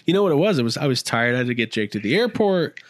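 A man hosting a casual chat podcast, telling stories in a self-mocking, animated way. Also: mid-range voice, fast, no echo, clean studio sound. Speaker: podcast host.

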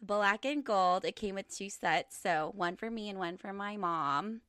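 A woman's voice: medium pitch, a loud crowd. A woman co-hosting a podcast, chatting casually and giggling with friends. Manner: giggly, chatty, drawn-out phrasing. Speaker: podcast co-host. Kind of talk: casual chat among friends.

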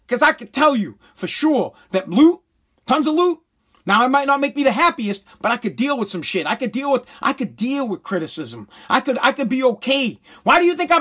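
A man's voice: very high voice, fairly bright tone. A man delivering a blunt, heated, sarcastic opinion rant full of crude swearing.

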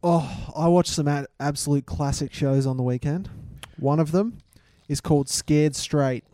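Laid-back Australian man, mellow voice. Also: a little high, a little slow, no room sound, clean studio sound. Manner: laid-back, crude, storytelling. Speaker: podcast co-host. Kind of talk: casual chat.

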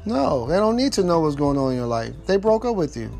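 A man talks the listener through a breakup in a casual, informal monologue, hammering his points home again and again. His voice sits a little high for a man. Soft music plays faintly underneath. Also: big pitch swings, a little fast, gravelly. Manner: repetitive, emphatic, talks straight to the listener; informal speech with double negatives. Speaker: relationship advice giver.

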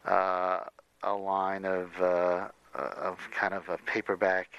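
A man's voice: deep voice, completely flat delivery, takes it slowly, a bit bright, clear, resonant tone, lo-fi sound. A man in a casual conversation, talking through comics history in a rambling way with many restarts.

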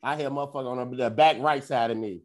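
A young man telling a long story on a podcast, profane and animated, jumping into loud high voices when he quotes people. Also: very fast. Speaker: podcast co-host. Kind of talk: casual storytelling chat.

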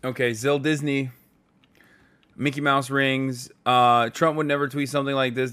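Streamer guy in his 30s, super bright voice, swears a lot while ranting. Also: medium pitch, steady tone, moderate pace, clear, resonant tone. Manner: profane, mocking, loud rants. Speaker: streamer host. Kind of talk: live stream commentary.

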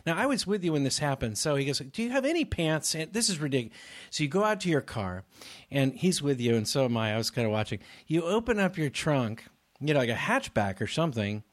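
A man casually telling a lively comedy-club road story to a friend, acting out the voices of the people in it. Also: medium pitch, fast talker. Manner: animated storyteller, acts out quoted voices.

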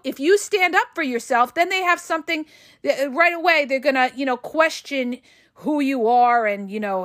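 A woman's voice: a little high, fairly bright tone, dry recording, studio quality. A woman hosting an advice podcast, talking bluntly and emphatically, swearing casually and often checking in with "okay?" and "all right?". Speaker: podcast host.

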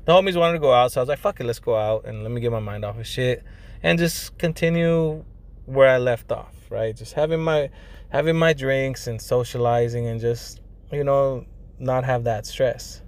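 A man's voice: medium pitch, normal speed. A young man casually telling a personal story, profane and slangy, full of fillers like "like" and "you know," dropping in bits of Spanish. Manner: drops Spanish phrases into English.

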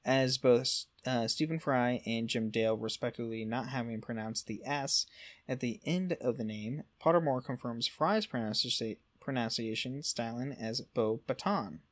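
A male podcast co-host with a medium-pitched voice reads through lore notes at a normal speed. His delivery is casual and full of fillers and self-corrections, and he stumbles over French words.

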